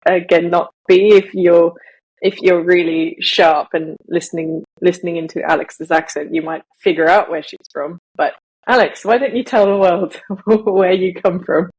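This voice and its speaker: A woman raised in Malaysia, speaking with a Southern English accent, co-hosts a casual podcast, rambling and laughing often. Her fairly low voice is steady, darkish, and slightly rough at a moderate pace, on a rough recording.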